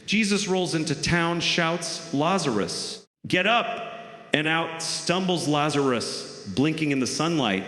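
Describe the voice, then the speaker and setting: A man's voice: a little high, unhurried, a bit bright. Wry man telling stand-up stories. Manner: wry, conversational storytelling. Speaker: stand-up comedian. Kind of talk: stand-up comedy routine. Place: large theater stage. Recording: roomy hall reverb.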